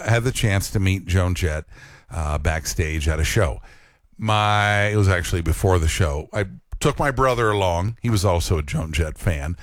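A man's voice: fairly low pitch, a bit bright, no echo, studio quality. A middle-aged man, a radio DJ, telling a self-deprecating story on air in a chatty way. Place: radio studio. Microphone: close studio mic.

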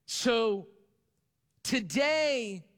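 A man with a notably high voice preaches unhurriedly to his congregation, drawing out his phrases and asking for responses. His words echo with the long reverb of a large church hall. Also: lively intonation, extremely slow, fairly bright tone. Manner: preaching to a congregation, calls for responses, repeats lines for emphasis. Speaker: pastor. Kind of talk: sermon.

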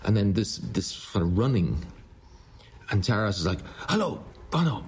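A man, a musician, telling a story in an interview, halting and repeating words as he goes. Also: deep voice, a little mellow, breathy edge. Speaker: musician guest.

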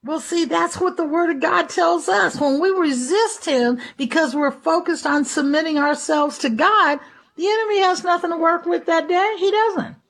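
A woman's voice: very high-pitched, normal speed, a bit bright. A woman giving a conversational Bible teaching, chatty and acting out everyday quotes. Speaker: preacher.

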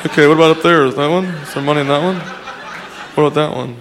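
A man's voice: fairly high pitch, fairly even intonation, quick pace, a bit bright, a little hiss or hum. A man acting out a clueless game show host who keeps asking about briefcases. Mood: eager. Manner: repetitive, eager questioning.

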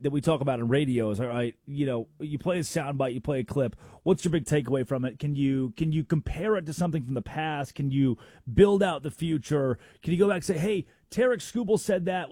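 A man's voice: on the high side, lively intonation, fairly quick, hardly any pauses, dark tone, slightly rough, no room sound, studio quality. A man hosting a sports talk radio show, making emphatic arguments with rhetorical questions.

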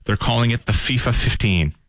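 A man's voice: medium pitch, fairly quick, a bit bright. A man hosting a casual talk show, joking and introducing clips. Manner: playful, joking, reacts to clips. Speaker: host.

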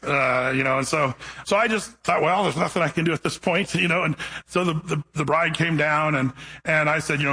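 A middle-aged or older male pastor preaching a sermon in a chatty, animated way, full of asides, acting out the people in his stories. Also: a little high, brisk, creaky, husky, low-quality recording. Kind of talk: storytelling sermon.

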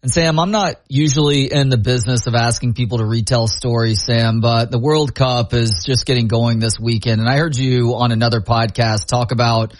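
A man hosting a podcast, reading a sponsor ad smoothly and then asking his guest questions. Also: medium pitch, fairly even intonation, moderate pace, hardly any pauses. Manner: smooth, scripted ad delivery then conversational questions. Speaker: podcast host. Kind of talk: interview with ad read.

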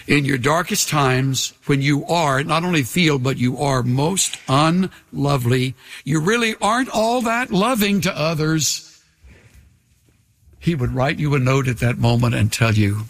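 An older man preaching a sermon in an earnest way, slowing down and dropping to a hush on key lines. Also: medium pitch, soft background music. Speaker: pastor. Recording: long reverb of a large hall.

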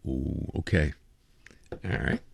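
A man's voice: rumbling low, takes it slowly, vocal fry, breathy edge, no echo, clean studio sound. A man hosting a call-in radio show, chatting casually and reading listener texts aloud with amusement. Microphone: studio microphone.

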